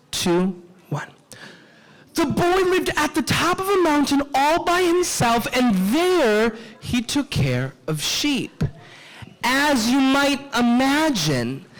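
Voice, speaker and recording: Narrador expresivo para niños, voz aguda. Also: male voice, very high-pitched, poor audio. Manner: expressive, audience call-and-response. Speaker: children's storyteller, speaker. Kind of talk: animated storytelling for children. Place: convention hall, live children's session.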